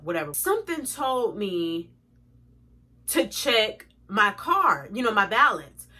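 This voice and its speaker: A young woman telling an exasperated storytime to her viewers, animated and swearing freely. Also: medium pitch. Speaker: vlogger. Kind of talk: storytime vlog.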